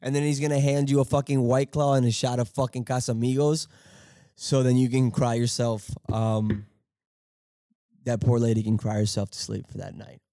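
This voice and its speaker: A young man hosting a podcast, talking in a halting, profane, rambling monologue and laughing often. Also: medium pitch, flat delivery, warm tone, dry recording, studio quality. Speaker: podcast host.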